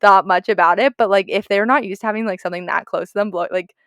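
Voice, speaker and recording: A woman's voice: medium pitch, fairly even intonation, a bit bright, no echo, studio quality. A woman co-hosting a podcast in casual chat, talking with many fillers. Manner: quick chatty talk full of "like". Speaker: podcast co-host.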